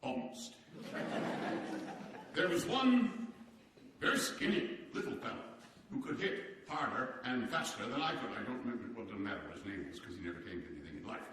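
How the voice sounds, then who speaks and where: A man playing a hearty, boastful statesman from the turn of the century, telling stories to a seated audience in a theatrical, animated way with chuckles. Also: mid-range voice, a little fast, background noise, natural voice. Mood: genial. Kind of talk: live historical character monologue. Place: large hall with a seated audience. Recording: echoey hall, distant mic.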